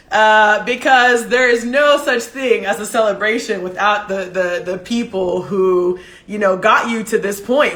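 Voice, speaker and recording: A woman's voice: medium pitch, fairly bright tone. A woman hosting her own live stream, talking in an effusive, tearful way with casual slang. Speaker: host of a live show. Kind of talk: emotional livestream talk.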